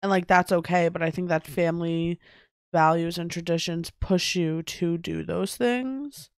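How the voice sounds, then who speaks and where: A man's voice: fairly high pitch, steady tone, a little slow, vocal fry, smooth, dry recording, studio quality. A young man co-hosting a podcast, speaking earnestly and reflectively in a casual reaction chat.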